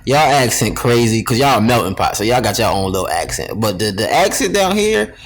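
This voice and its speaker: A young man with a lowish voice, easygoing and lively in casual podcast talk. He tells his stories with energy and drops in quick imitations of other people. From Rochester, New York. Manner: animated storytelling, imitates voices. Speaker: guest. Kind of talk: casual chat.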